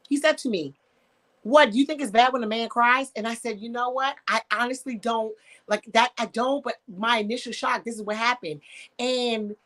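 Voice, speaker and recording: A woman sexologist on a radio talk show who tells stories frankly and with emphasis, acting out the quotes and using slang. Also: on the high side. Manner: emphatic, animated storytelling with acted-out quotes. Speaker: sexologist guest. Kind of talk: candid radio conversation.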